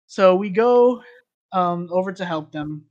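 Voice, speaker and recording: A man in casual podcast conversation, telling a long story. He rambles, circles back and fills pauses with ums and likes. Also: high voice, expressive, a little mellow, dull audio. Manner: rambling, filler-heavy storytelling.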